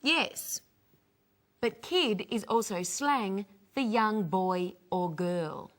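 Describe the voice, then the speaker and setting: A woman teaching English phrases, clearly modelling each one for learners to repeat. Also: medium pitch, lively intonation, very slow, a bit bright. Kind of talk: slow teaching with repeat-after-me drills.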